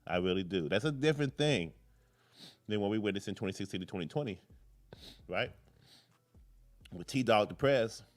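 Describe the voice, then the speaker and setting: A man's voice: on the low side, animated, moderate pace, long pauses. A man hosting a live political commentary show, talking casually, rambling off on tangents and cursing freely. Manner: rambling, jumps between tangents, curses freely.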